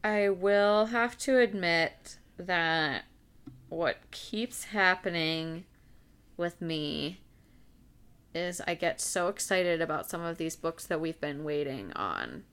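A woman's voice: lowish voice, lively intonation, fairly bright tone, clean tone. A young woman co-hosting a podcast, talking casually and hesitantly about a book, with many restarts. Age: young adult. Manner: hesitant, restarts, quick asides. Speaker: podcast co-host.

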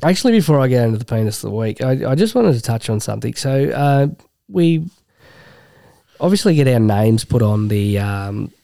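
A man's voice: mid-range voice, very animated, moderate pace, creaky, warm tone, no echo, studio quality. An Australian man co-hosting a sports podcast in casual banter, blunt and swearing freely. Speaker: podcast co-host.

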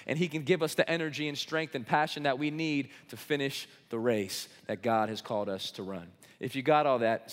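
A man's voice: fairly high pitch, a bit bright. A middle-aged male pastor delivering a sermon, building in intensity and calling for responses from the congregation. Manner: preaching with rising intensity, call and response. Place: church sanctuary. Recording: long reverb of a large church hall.

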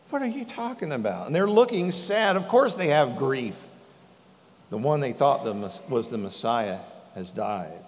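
A male preacher delivers a sermon in a church hall, acting out the voices in the scripture. His voice sits fairly high for a man. A long reverb from the hall trails after his words. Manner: animated preaching, acts out the speakers in the scripture. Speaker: pastor.

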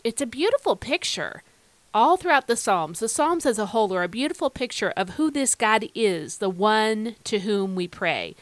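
A woman hosting a devotional podcast, talking earnestly and conversationally, asking listeners direct questions and slowing down to read verses with emphasis. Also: mid-range voice, a bit bright, dry recording. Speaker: podcast host.

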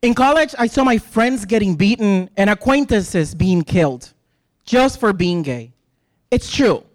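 A man's voice: sits high, lively intonation, measured pace, no room sound, clean studio sound. Impassioned Puerto Rican man preaching. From Puerto Rico. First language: Spanish. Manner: earnest, emphatic, rhetorical questions. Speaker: lay preacher addressing a congregation. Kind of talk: impassioned sermon.

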